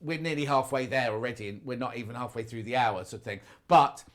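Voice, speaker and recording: A man's voice: medium pitch, quick pace. A man hosting a live TV shopping show, chatting casually and passing on viewer questions. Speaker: shopping channel host. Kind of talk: live TV sales chat.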